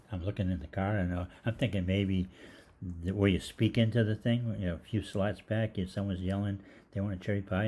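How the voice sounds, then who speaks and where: Middle-aged male host, deep and mellow, rambling casual storyteller who acts out the other voices, faint noise under it. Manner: rambling, halting, full of fillers and restarts, acts out the other voices. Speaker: online health show host.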